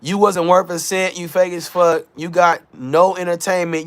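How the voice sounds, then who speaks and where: A man's voice: sits high, flat delivery, moderate pace. A man hosting a casual livestream, talking loosely in slang, hyping his chat and reading their messages aloud. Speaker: livestream host.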